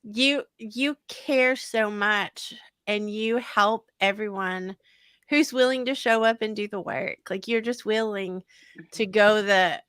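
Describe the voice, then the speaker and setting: Excited woman host, bright forceful voice, laughs a lot, dry sound. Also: medium pitch, measured pace, clean tone, dry recording. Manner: enthusiastic, emotional, laughs often. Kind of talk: conference panel conversation.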